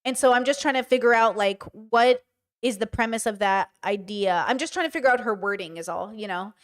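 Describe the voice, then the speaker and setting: A woman's voice: mid-range voice, fairly quick. A woman hosting a livestream, chatting casually about a video with lots of fillers and restarts. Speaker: streamer host.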